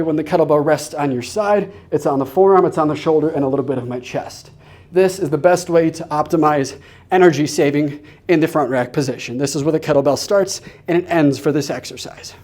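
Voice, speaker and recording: Brief: male fitness coach, slightly high voice, clear step-by-step instruction. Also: a little mellow. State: out of breath during demonstrations. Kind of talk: instructional demonstration.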